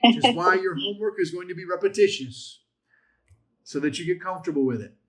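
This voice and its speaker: A man's voice: sits high, animated, brisk, a bit bright. A man teaching a Bible language class in a conversational, encouraging way, joking with his students. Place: church classroom.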